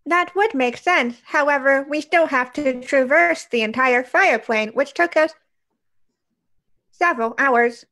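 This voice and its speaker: A woman gives voice to a blunt robot crewmate in a tabletop role-play, every line precise and literal. The voice sits high and bright. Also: a little slow, full character voice. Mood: deadpan. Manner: precise, literal, matter-of-fact. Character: logical, blunt female ship robot crewmate.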